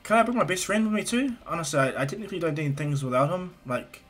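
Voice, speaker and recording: A man voicing an earnest, cheerful teenage boy hero in a high, excited voice in a spoken fan story. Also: fast. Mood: eager.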